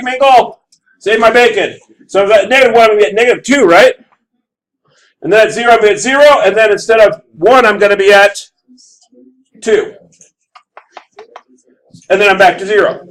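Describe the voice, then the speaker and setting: A high-voiced man teaches math in this poor-audio clip. Throughout the classroom lecture he's animated, narrating his work on graphs and checking in with students to make sure they follow.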